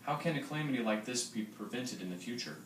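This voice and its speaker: A teenage boy reading a school history project in a plain, steady way. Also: medium pitch, quick pace. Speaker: student presenter. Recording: roomy, distant mic, faint noise.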